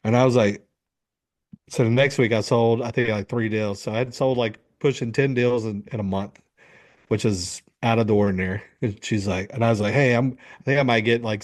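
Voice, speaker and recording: A middle-aged man, a men's coach, telling a story in an interview, acting out what people said and swearing freely. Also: medium pitch. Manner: animated, acts out quotes, swears freely.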